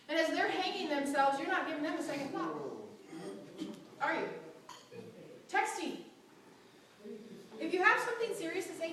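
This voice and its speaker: A woman teaching a church Bible class, animated and often acting out quotes with a laugh. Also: high-pitched. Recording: very echoey room, mic far off.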